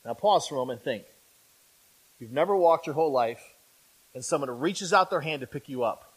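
A man's voice: on the high side, a little fast, slightly rough. A man preaching a sermon in a conversational way. He often checks in with "right?" and acts out imagined speakers. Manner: conversational, with frequent "right?" tags to the congregation; animated, acting out imagined speakers.

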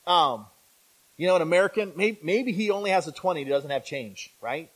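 A man with a high voice for his sex preaches a sermon to his congregation. He talks in a conversational way, often tossing in a quick "right?" and jumping into the voices of imagined people. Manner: animated, acting out imagined speakers.

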